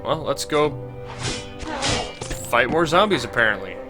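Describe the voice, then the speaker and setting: A man's voice: medium pitch, sing-song, measured pace, music in the background. A young man with a stuffy cold, giving dry, sarcastic commentary while playing a computer game. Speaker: gaming channel host.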